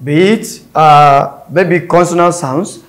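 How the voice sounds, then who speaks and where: Higher-voiced man tutoring English exam prep. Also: slow. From Nigeria. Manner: explains step by step, repeats words and syllables aloud.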